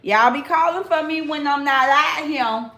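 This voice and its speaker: A woman's voice: sits high, bright, forceful tone, reverberant. A woman in her forties hosting a live-stream commentary, blunt and sassy, talking straight to her chat. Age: 40s. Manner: drawn-out, talks straight to the chat.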